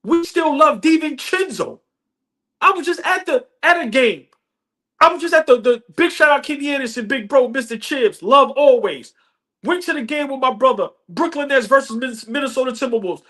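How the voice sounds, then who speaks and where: A man's voice: very high voice, lively intonation, moderate pace, a bit bright. Male sports host, fan rant, emphatic and profane, hammers points with repetition. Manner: passionate, emphatic, repeats lines for effect; profane, slangy street talk. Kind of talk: fan rant about basketball.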